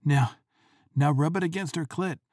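Woman doing a drunk bossy guy, low dark husky mumble. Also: normal speed, no room sound, studio quality. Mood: drunk demanding. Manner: low, slurred, commanding. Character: drunk demanding man, the master.

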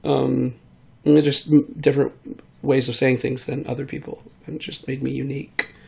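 A man's voice: medium pitch, little pitch movement, moderate pace, creaky, a little mellow, slightly rough. A man who is sick, rambling in a casual monologue and trailing off with many fillers. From United States. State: sick, voice hard to control. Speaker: vlogger.

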